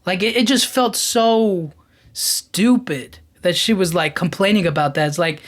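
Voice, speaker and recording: A man hosting a podcast, giving a casual, animated film-review rant full of "like" and "you know what I mean". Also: high voice, a little slow. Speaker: podcast host.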